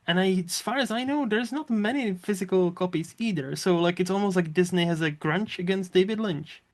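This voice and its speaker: A man with a slightly higher voice hosts a laid-back movie podcast. He rambles through his thoughts, leans on fillers and swears freely. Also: a little fast. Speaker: podcast host. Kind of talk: casual movie chat.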